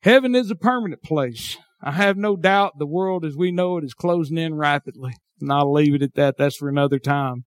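A man with a Southern hillbilly drawl preaching a sermon, swinging between shouted passages and quiet, folksy talk. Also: fairly high pitch, brisk, hardly any pauses, no echo, studio quality.

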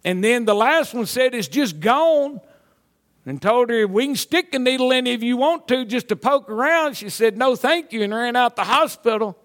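A man's voice: very high voice, lively intonation, moderate pace, fairly bright tone. A middle-aged man, a pastor preaching a sermon with folksy stories that build to fervent exhortation. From Mississippi.

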